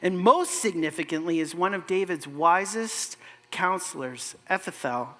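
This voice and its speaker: A man preaching a sermon as a pastor, conversational and animated, with asides to the congregation. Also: sits high, moderate pace. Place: church sanctuary. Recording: echoey church hall.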